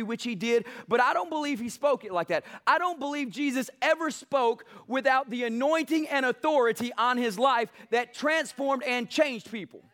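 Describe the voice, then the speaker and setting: A man's voice: very high-pitched, brisk, hardly any pauses. A male pastor preaching a sermon emphatically, building passion. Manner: emphatic, building passion, mocks soft quotes.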